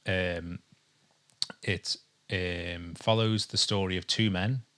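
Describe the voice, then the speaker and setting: A man from England co-hosts a casual podcast from home, with a dog nearby, rambling through his thoughts with plenty of ums and restarts. His voice is deep, bright, and forceful, with fairly even intonation and a slow pace.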